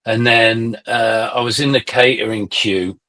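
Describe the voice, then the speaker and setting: Middle-aged guy spinning swear-heavy stories on a podcast, easygoing mid-pitched voice, chatty and animated. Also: unhurried. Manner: animated anecdotes, swears freely. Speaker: podcast guest, musician. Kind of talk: casual conversational storytelling.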